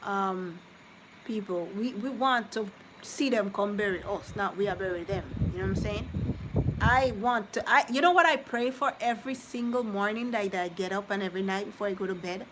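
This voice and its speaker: A woman's voice: mid-range voice, moderate pace, noisy background. A woman, chatting casually with live-stream viewers. She rambles, repeats herself, and speaks from the heart. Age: 30s. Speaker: vlogger reading live chat.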